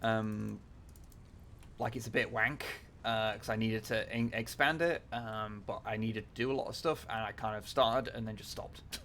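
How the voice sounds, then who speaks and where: A man's voice: fairly low pitch, fairly even intonation, normal speed, fairly bright tone, slight background noise. A man, chatting casually on a gameplay livestream, thinking aloud with lots of fillers, restarts and offhand swearing. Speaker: livestreamer playing a factory-building game.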